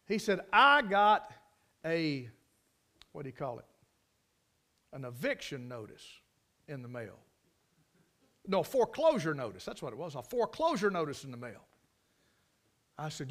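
A man's voice: fairly high pitch, big pitch swings, unhurried, pauses often, fairly bright tone. A man preaching a sermon, telling stories in a folksy, emphatic way and repeating key phrases. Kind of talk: storytelling sermon.

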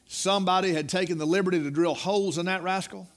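Middle-aged man, sermon, folksy storyteller, high voice. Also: fairly even intonation, quick pace. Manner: folksy, dramatic storytelling, rising to loud peaks. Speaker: preacher.

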